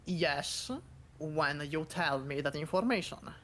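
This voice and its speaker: A player in a tabletop game, eager and bargaining, speaking in halting bursts with fillers. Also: medium pitch, fairly even intonation, fairly bright tone, a little hiss or hum.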